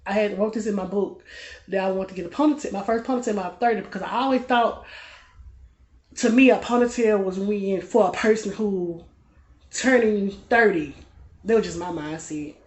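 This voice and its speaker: A man in his late twenties telling a personal story to his vlog audience in a relaxed, conversational way, often dropping into a soft, low-key delivery. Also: normal speed. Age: late 20s. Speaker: vlogger. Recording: echoey room with loud background noise.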